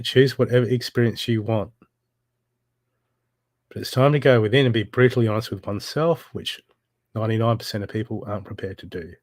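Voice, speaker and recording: A man's voice: mid-range voice, no echo, clean studio sound. A man giving a live intuitive reading, blunt and urgent, swearing freely as he presses the listener to heal. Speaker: spiritual reader.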